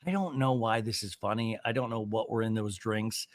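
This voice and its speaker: A man's voice: on the low side, normal speed, hardly any pauses, no echo, clean studio sound. A man hosting a podcast, recapping a reality show in casual, gossipy chat and acting out the quotes. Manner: animated, gossipy, acts out quotes. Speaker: podcast host.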